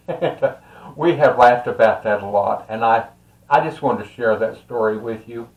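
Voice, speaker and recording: An older man with a Texas accent tells a family story in a casual, rambling way, with many fillers and soft chuckles. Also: medium pitch, normal speed, dull audio. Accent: Texan. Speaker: storyteller and tarot reader. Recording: roomy echo.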